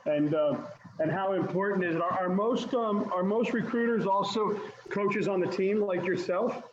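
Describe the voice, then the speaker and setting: A man who hosts a wrestling podcast and is also a wrestling parent interviews a guest in a casual chat, enthusiastic and quick to laugh. His voice is high-pitched at a moderate pace, heard over dull, roomy remote-call audio with faint noise.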